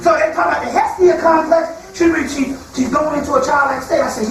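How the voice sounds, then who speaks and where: High-voiced man lecturing in an echoey hall. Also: fast talker, crowd noise. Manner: colloquial storytelling, acts out quoted people. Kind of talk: spiritual lecture to a live audience. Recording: echoey hall from far off, faint noise.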